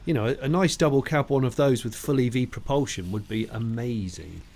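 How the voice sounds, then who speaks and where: A man's voice: medium pitch, brisk, gravelly, darkish tone. A man co-hosting a podcast, chatting casually and enthusiastically, with frequent fillers and restarts. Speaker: podcast co-host. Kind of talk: casual chat.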